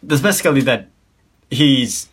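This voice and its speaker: A man's voice: mid-range voice, lively intonation, unhurried, faint music behind. A man co-hosting a casual reaction chat, searching for words with many fillers. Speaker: co-host reacting to videos.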